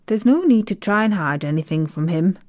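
Woman reading as a gruff old gardener. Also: on the low side, animated, brisk, a little mellow, no room sound, clean studio sound, close to an everyday voice. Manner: blunt, grumbling, old-fashioned country talk. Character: gruff, surly old male gardener with rustic speech. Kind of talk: audiobook character voice.

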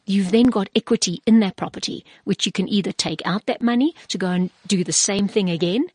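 A woman's voice: medium pitch, brisk, a little mellow, breathy edge, dry recording. A South African woman who invests in property, talking through her advice in a casual interview with lots of restarts. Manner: chatty, with many restarts and fillers.

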